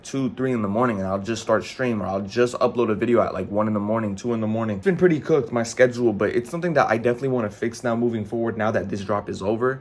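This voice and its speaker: A young man, a clothing brand owner, chatting casually to his viewers in a slangy vlog. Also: lowish voice. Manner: relaxed, slangy, talks straight to viewers.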